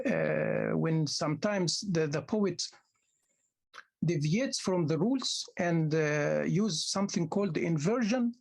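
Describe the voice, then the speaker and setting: Male lecturer with a husky voice; patient, repeats key terms, restarts sentences. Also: high-pitched, a little mellow. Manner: often restarts phrases with hesitant fillers. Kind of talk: classroom lecture.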